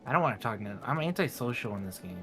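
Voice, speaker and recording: A man's voice: medium pitch, big pitch swings, fast, over music. A man co-hosting a casual gaming stream, offhandedly explaining game mechanics to a new player. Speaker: co-host guiding a new player.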